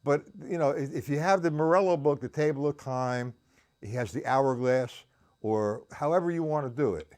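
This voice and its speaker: A man teaches drums over a live stream, counting triplets out loud and chatting casually with viewers by name. His voice sits at an ordinary middle pitch, and drums sound around him as he plays. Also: moderate pace. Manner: counts beats aloud, chats with viewers. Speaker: drum teacher. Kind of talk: live-streamed drum lesson. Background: drums played while talking.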